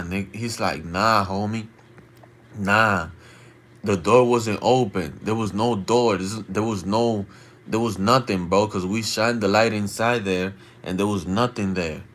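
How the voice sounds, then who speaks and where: A man with a fairly low voice spins a late-night story for his stream, slangy and rambling, checking in with his listeners again and again. He acts out the loud shouting of the people in his tale, jumping high above his usual pitch. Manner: slangy and rambling, keeps asking "you feel me".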